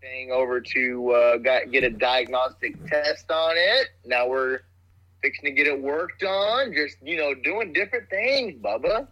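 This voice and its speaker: A man's voice: mid-range voice, unhurried, lo-fi sound. A man as a podcast guest, laid-back and easygoing, chatting casually and filling his talk with "dude.". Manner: laid-back, keeps saying "dude" and "bubba". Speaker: podcast guest getting relationship advice.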